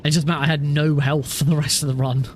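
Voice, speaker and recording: A man's voice: a little high, flat delivery, fast talker, slight background noise. A man casually commenting on his own speedrun practice, rambling and self-deprecating with lots of fillers and restarts. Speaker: speedrunner streamer.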